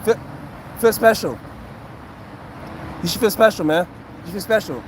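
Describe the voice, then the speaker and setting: Brief: former fighter, 40s man, streaming to chat, high-pitched, defensive and sarcastic, repeats himself a lot. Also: expressive, unhurried, background noise. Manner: defensive, sarcastic and repetitive, addressing chat and a heckler. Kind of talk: casual livestream chat to viewers.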